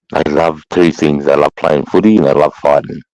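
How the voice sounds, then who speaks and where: A man's voice: rumbling low, a little mellow, no echo, poor audio. A middle-aged Australian man, formerly an army sergeant, telling stories in a blunt, profane, swaggering way on a casual chat show.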